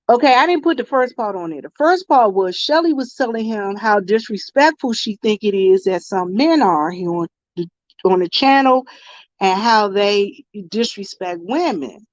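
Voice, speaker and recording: A woman telling an animated story on a live stream and greeting her chat viewers as she goes. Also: fairly high pitch, no echo, highs cut off. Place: convenience store.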